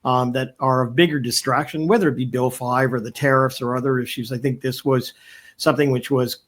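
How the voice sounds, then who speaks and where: A man's voice: mid-range voice, fairly even intonation, fairly quick. A man on a political panel, talking conversationally with some hedging.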